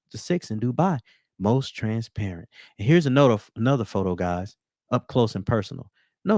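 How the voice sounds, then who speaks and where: A man's voice: on the low side, no echo, studio quality. A man with a Southern US accent hosting a crypto news show, chatting casually to viewers while showing photos. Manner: animated, chatty, addresses viewers as guys. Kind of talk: casual commentary over on-screen photos.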